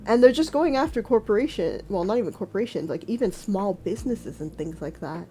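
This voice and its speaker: A woman's voice: mid-range voice, lively intonation, a little fast, mellow, faint music behind. A woman from Quebec, chatting casually as a streamer, ranting with lots of swearing and fillers. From Quebec, Canada. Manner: ranting, profane, many fillers. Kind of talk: casual chat.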